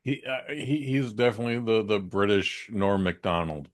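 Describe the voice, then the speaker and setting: A man's voice: lowish voice, expressive, moderate pace. A man co-hosting a podcast in casual banter, joking and often stammering as he restarts his sentences. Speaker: podcast co-host.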